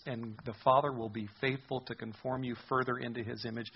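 A man's voice: medium pitch, flat delivery, brisk, creaky, few pauses, breathy edge, muffled recording. A man preaching a sermon as a pastor, earnest and conversational in his delivery.

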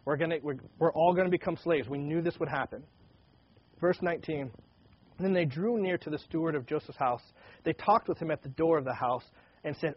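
Man, preacher, reads and retells Scripture, casual and animated, husky voice, muffled lo-fi sound. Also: on the high side, a little fast. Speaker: pastor. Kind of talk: Bible teaching, reading and commenting.

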